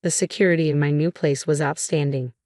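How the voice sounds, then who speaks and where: Female narrator with a deep voice, steady scripted storytelling, dry close voice-over. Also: fairly quick, dry recording.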